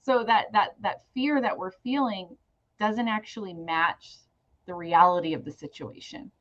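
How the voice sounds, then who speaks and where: A woman's voice: mid-range voice, a little slow, fairly bright tone, lo-fi sound. A woman interviewing a guest, chiming in with agreement and adding her own thoughts. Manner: affirming, chiming in. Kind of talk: casual interview.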